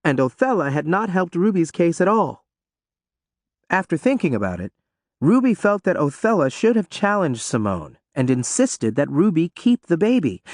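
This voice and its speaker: Animated male audiobook narrator. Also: a little high, no room sound, studio quality. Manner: expressive, animated reading.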